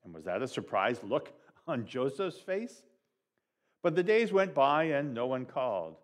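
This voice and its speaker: A man reading a Christmas story aloud expressively at a children's time in church, with big swings in pitch and loudness. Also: sing-song, unhurried.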